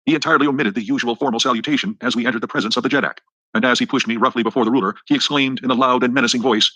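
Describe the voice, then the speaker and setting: A man reading an adventure novel aloud as an audiobook narrator, with brisk, even storytelling. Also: mid-range voice, no room sound, low-quality recording. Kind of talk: scripted narration.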